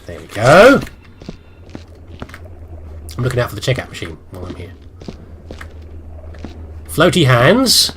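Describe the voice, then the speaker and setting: In his rambling let's play commentary, a British host chats to himself and makes fun of himself while gaming. He has a mid-range, fairly bright voice with huge pitch swings, a measured pace and long pauses, plus a little hiss or hum.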